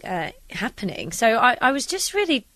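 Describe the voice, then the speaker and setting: A woman's voice: on the high side, big pitch swings, moderate pace, bright, forceful tone. A young British woman, a stage actress, answering interview questions in a chatty, upbeat way with many restarts. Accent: British English. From England. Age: young adult.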